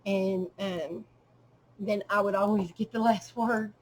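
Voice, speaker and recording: A middle-aged woman talks through her handmade journal page by page in a casual, unhurried way, often pausing with an um or letting her sentences trail off. Her voice sits at an ordinary mid pitch. A faint ambient hiss is audible behind her. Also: fairly even intonation, rough recording. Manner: unhurried, with frequent ums and trailing pauses. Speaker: crafter showing a handmade journal. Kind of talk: casual show-and-tell narration.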